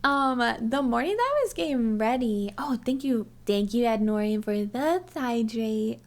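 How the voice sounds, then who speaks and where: A woman's voice: a little high, expressive, measured pace. A young woman livestreaming, chatting casually to her viewers in a rambling, giggly way full of "like", her voice slightly strained from talking a lot. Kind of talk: casual chat to a live audience.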